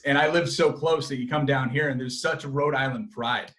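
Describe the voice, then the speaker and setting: A young man, a sports reporter, chatting as an interview guest, animated and full of fillers and restarts. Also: medium pitch, fairly quick, poor audio. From Massachusetts. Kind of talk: casual interview chat.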